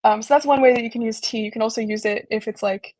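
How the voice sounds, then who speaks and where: A young woman giving a casual online talk, explaining slowly with lots of ums and likes. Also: fairly high pitch, dry recording. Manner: relaxed, filler-heavy explaining with frequent ums and likes. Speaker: embassy intern presenting a virtual talk. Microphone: video call.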